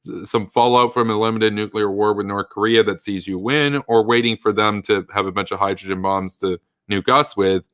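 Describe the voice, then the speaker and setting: A blunt man talking through politics on a livestream, his voice sitting on the low side. He thinks aloud with emphatic restarts. The sound is close and dry. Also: steady tone, moderate pace, hardly any pauses, fairly bright tone, clean tone, dry recording. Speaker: political commentator. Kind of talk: livestream commentary reading chat.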